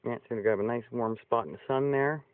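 A man outdoors by a barn talking to his pet foxes and a cat, often cooing at them in a high sing-song voice. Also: fast, no room sound. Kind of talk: casual talk to animals. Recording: tinny lo-fi phone-like audio.

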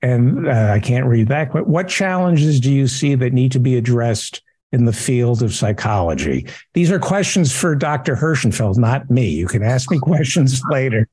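A man hosting a talk show, reading out listener questions and trading wry, deadpan jokes in casual chat. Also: medium pitch, normal speed, breathy edge, no room sound. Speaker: show host.

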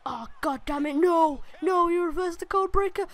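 A woman with a high voice gives let's-play commentary on a wrestling game. She is excitable, groaning and shouting at each move and swearing at her opponent. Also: normal speed. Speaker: gaming channel host.

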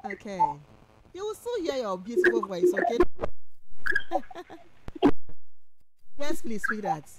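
A woman lecturer, teaching on radio and taking calls, who speaks warmly and affectionately and repeats points patiently. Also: fairly high pitch, very animated, slow, a loud crowd. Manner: affectionate, calls listeners sweetheart and my dear. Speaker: university lecturer. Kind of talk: radio lecture with call-ins.

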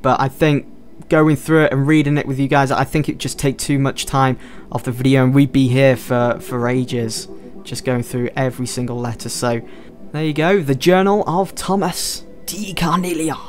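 A man's voice: medium pitch, steady tone, normal speed, faint music behind. Chatty man narrating gameplay. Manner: chatty, thinking aloud while exploring. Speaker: gameplay commentator. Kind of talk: casual let's-play commentary.

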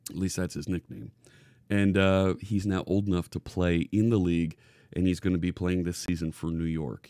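A man's voice: sits low, gravelly, darkish tone, no room sound. A man hosting a live coding stream, talking casually from his green-screen studio. He greets viewers in the chat by name and often restarts his phrases. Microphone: hidden desk microphone.

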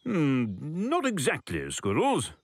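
A man narrating a children's cartoon, gentle and patient as he talks to the characters. He speaks slowly, and his pitch rises and falls a great deal. There is a clear hiss of noise in the soundtrack. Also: wildly swooping pitch.

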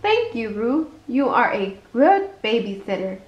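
A woman voicing a gentle, easygoing male teddy bear, mild and patient. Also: on the high side, very animated, unhurried. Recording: echoey muffled room.

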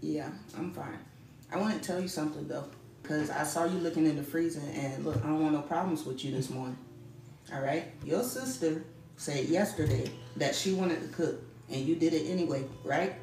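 Mom vlogger talking to the camera at home, kinda low voice, faint music behind. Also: female voice, moderate pace. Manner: animated, talks to herself and the camera, drops to whispers. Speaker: mother and vlogger. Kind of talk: casual vlog talk to viewers.

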